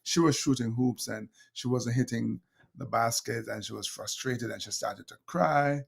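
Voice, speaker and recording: A middle-aged man with a Jamaican accent, a motivational speaker telling lively stories as an interview guest and acting out quoted lines. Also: mid-range voice, normal speed, vocal fry, breathy edge. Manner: animated storyteller, laughs often, acts out quotes. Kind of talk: interview storytelling.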